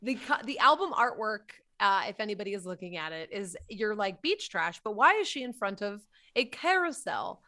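A woman comedian, a guest on a podcast, telling stories in animated, quick bursts. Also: mid-range voice. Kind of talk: casual podcast chat.

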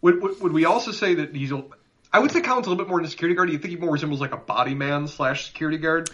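A man's voice: fairly high pitch, very fast, a bit bright, a little hiss or hum. A man co-hosting a podcast, analyzing a TV episode in casual chat with earnest, playful remarks. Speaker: podcast co-host. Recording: dull lo-fi sound.

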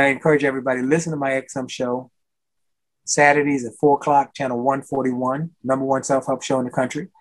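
An older man, a motivational speaker, giving a guest interview in a preachy way, repeating his key phrases for emphasis. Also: mid-range voice. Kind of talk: energetic podcast interview.

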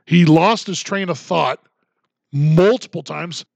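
A man's voice: a little high, takes it slowly, vocal fry, no room sound, dull audio. A middle-aged man hosting a political commentary podcast, talking in a sarcastic, mocking way. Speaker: podcast host.

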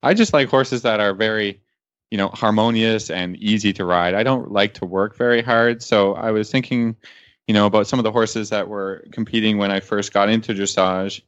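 A man's voice: on the low side, steady tone, moderate pace, a bit bright, no room sound, muffled recording. A man guesting on a radio show, talking in a rambling, thoughtful way with many fillers. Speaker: guest, dressage show host. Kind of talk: casual radio conversation.

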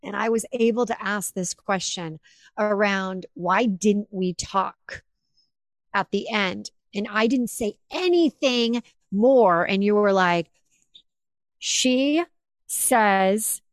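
A woman hosting a podcast, telling a personal story in an animated, effusive way. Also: medium pitch, takes it slowly, no room sound. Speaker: podcast host.

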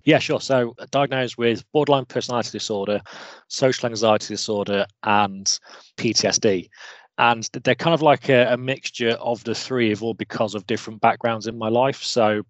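A man's voice: mid-range voice, steady tone, moderate pace, dry recording, highs cut off. A British man speaking openly and earnestly as an interview guest, in a candid, self-deprecating way. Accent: British English. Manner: open, earnest, self-deprecating, many restarts. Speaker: interview guest, mechanical engineer.

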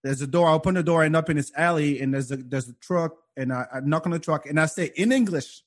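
A man's voice: on the high side, fast, few pauses. A man telling stories in a casual podcast chat, acting out the people in them. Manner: animated, acts out voices in stories. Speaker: comedian guest.

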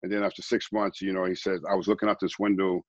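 A middle-aged man, a guest preacher, telling his life story in a rambling, quiet way, often repeating words. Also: low voice, flat delivery, quick pace, no echo, muffled recording. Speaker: guest, former baseball player turned preacher. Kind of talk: conversational storytelling.

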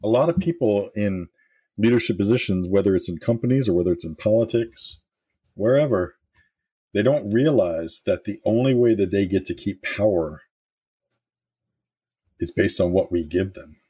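A middle-aged former manager gives a candid motivational talk on leadership, telling stories and swearing now and then. His voice is fairly low, expressive and warm with a slight roughness, at normal speed with frequent pauses.

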